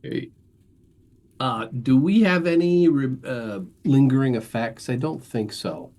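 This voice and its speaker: A man's voice: medium pitch, slow pace, a little mellow. A man playing a tabletop game in casual, joking chat. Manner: joking, playful. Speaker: player.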